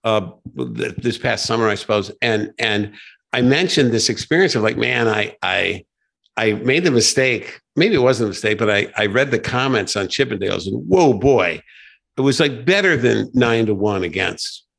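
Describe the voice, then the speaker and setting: Older man with a gravelly voice. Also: mid-range voice, expressive, moderate pace, a bit bright. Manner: rambling storyteller with frequent restarts and chuckles. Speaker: guest, former sketch writer. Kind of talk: casual chat, anecdotes.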